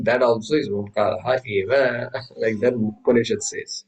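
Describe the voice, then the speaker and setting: A man's voice: medium pitch, fairly even intonation, moderate pace, darkish tone, breathy edge, low-quality recording. Man teaching a scripture class. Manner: storytelling with many restarts and Sanskrit chanting. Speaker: Vedanta teacher. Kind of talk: spiritual class lecture.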